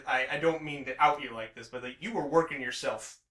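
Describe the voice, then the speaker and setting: Guy rambling on a podcast, lots of "like"s, bright edgy voice, roomy echo. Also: mid-range voice, a little fast. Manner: rambling, many restarts and "like" fillers. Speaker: podcast co-host. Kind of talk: casual chat.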